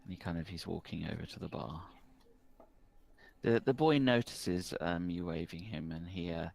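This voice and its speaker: A man's voice: low-pitched, moderate pace, creaky, a little mellow. A man narrating a tabletop game as game master, meandering and full of fillers.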